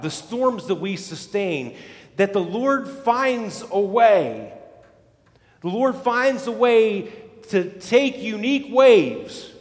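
A man preaching a sermon as pastor, dramatic, dropping to hushed low lines and then rising to loud exclamations. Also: in a large hall.

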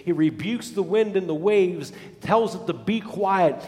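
A man preaching a sermon as pastor, dramatic, dropping to hushed low lines and then rising to loud exclamations. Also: lively intonation, moderate pace, hardly any pauses, big-room sound.

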